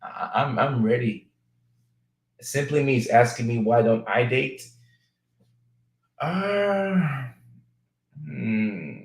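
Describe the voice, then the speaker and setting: A man chatting casually as a talk show guest, playful and joking at times, halting and hesitant at others. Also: mid-range voice, gravelly, echoey room, low-quality recording. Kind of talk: casual chat.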